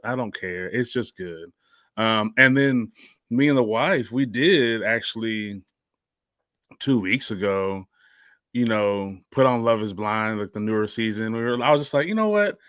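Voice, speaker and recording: A man co-hosting a podcast in casual chat, laid-back and slangy, with his deeper morning voice. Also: fairly bright tone, dry recording, clean studio sound. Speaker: podcast co-host.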